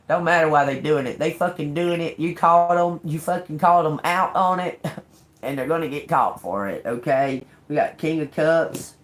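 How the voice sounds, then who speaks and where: A woman's voice: sits low, measured pace, a little hiss or hum. An older woman giving a live tarot reading, blunt and profane and laughing often. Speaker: tarot reader.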